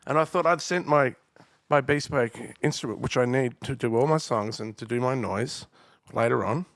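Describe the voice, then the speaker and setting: A man's voice: medium pitch, moderate pace, a bit bright, no echo, clean studio sound. An Australian man, a guest artist, telling rambling stories in a casual podcast interview. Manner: rambling anecdotes with restarts and quoted dialogue.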